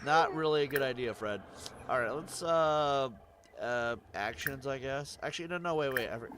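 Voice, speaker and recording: A man giving casual gameplay commentary as a streamer, excitable and sarcastic, swearing and laughing often. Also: medium pitch, moderate pace, slight background noise. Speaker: gaming streamer.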